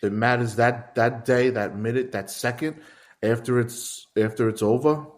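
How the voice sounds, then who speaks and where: A man's voice: mid-range voice, fairly even intonation, moderate pace. A man co-hosting a podcast, interjecting with jokes. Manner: joking interjections. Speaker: podcast co-host. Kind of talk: casual chat.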